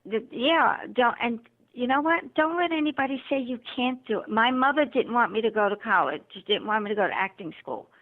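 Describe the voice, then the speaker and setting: A woman's voice: fairly high pitch, brisk. A woman guest, an author and motivational speaker, telling her story in an interview and acting out the dialogue. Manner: animated, acts out quoted dialogue. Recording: tinny phone line.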